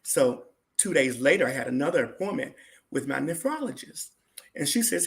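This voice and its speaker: Gravelly, lively-voiced man telling his story. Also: a little high, normal speed. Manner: animated, acts out what others said. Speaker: interview guest, chef. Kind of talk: personal storytelling in an interview.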